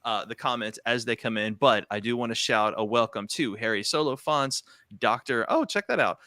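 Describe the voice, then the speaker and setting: A man hosting a casual livestream chat, rambling through shout-outs and channel plugs with loose fillers. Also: mid-range voice, normal speed, no echo, clean studio sound. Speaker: host.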